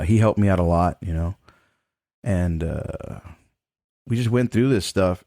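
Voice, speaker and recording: A man's voice: sits low, a little mellow, no echo, studio quality. A middle-aged man, a trombone professor, telling a personal story as a podcast guest in a frank, casual way, swearing freely and laughing between points. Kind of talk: candid conversational storytelling.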